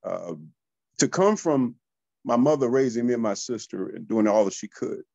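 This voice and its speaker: A man, a real estate coach telling motivational stories to listeners in a lively, high-energy way. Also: normal speed, gravelly, dry recording, muffled recording. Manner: high-energy, animated, addresses listeners as y'all. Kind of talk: motivational storytelling.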